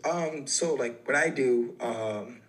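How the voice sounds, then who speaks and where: A man in his thirties, a mental health coach, telling stories in a casual, animated interview. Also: medium pitch, takes it slowly. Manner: animated, storytelling, lots of fillers.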